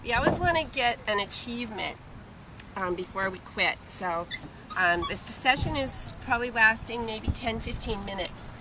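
A woman's voice: a little high, normal speed. Woman dog trainer explaining outdoors. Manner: explains calmly with frequent ums, coos softly to the dog. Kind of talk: instructional demonstration. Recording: outdoor recording with clear background noise.

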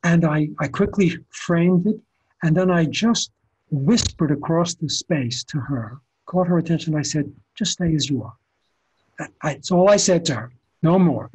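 An older photographer tells anecdotes in a relaxed interview. His voice is husky and sits slightly high. He talks animatedly and often restarts his phrases. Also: moderate pace, poor audio. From the Bronx, New York. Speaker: photographer guest. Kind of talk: conversational storytelling interview.

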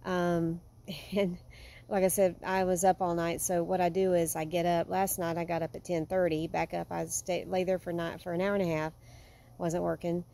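A woman vlogging at home, talking in an earnest, heartfelt way that sometimes drifts soft and quiet. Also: on the low side, little pitch movement, normal speed, creaky. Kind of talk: casual vlog monologue. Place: home with a yard.

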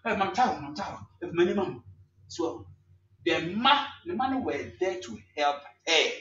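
A Ghanaian-accented church elder with a high voice preaches a sermon a little slowly, telling a story with lively sound effects and mixing in English phrases. The recording is echoey and distant, sounding dull with a faint hum.

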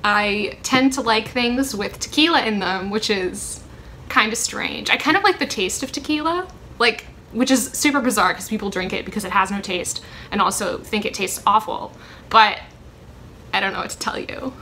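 A woman's voice: medium pitch, normal speed, bright, forceful tone, slight background noise. A young woman chatting casually in a rambling way with many ums as she answers questions for her vlog at home. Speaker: vlogger answering a question tag. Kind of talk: casual chat.

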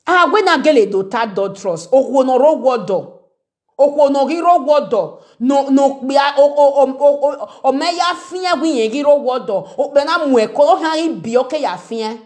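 High-voiced scolding Nigerian woman. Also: lively intonation, moderate pace, a little mellow. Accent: Nigerian Pidgin English. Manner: confrontational, mocking, scolding. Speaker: social media commentator. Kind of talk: ranting commentary video. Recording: echoey room.

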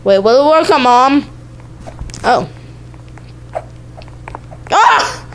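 A woman with a high voice reacts to a video game as she plays. She talks at an unhurried pace, full of exclamations, and often repeats herself. A faint hiss sits under her voice. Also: expressive. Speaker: gaming YouTuber. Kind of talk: let's-play game commentary.

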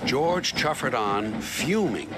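A man narrating a children's story in a lively, expressive way. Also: mid-range voice, slow. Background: loud music.

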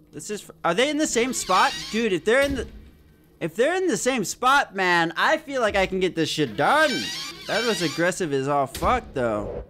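A man's voice: sits high, pushed and bright. A man hosting a horror game playthrough, jumpy and swearing, with frequent startled yelps. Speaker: let's play host.

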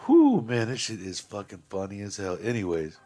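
A man's voice: on the low side, huge pitch swings, moderate pace, mellow. A man with a Texan accent hosting a reaction video, swearing freely and laughing often in casual commentary. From Texas.

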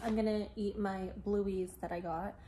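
A young woman who is an actor, gushing in a casual vlog from her messy bedroom. She talks excitedly and leans on "like" a lot. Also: mid-range voice, normal speed. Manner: gushing, excitable, heavy use of "like". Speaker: actor and vlogger. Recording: echoey room, mic at a distance, background noise.

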